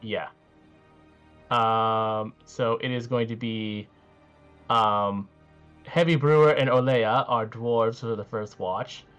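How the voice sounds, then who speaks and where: A man's voice: mid-range voice, fairly even intonation, slow, long pauses, a bit bright, clean tone, lo-fi sound, soft background music. A man running a tabletop game as game master, easygoing and hesitant.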